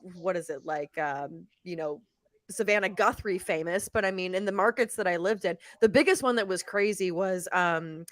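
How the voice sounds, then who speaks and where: A woman's voice: fairly low pitch, moderate pace, a bit bright, no echo. A woman lawyer chatting casually on a live video call, telling stories animatedly and laughing often. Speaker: lawyer co-host on a live stream.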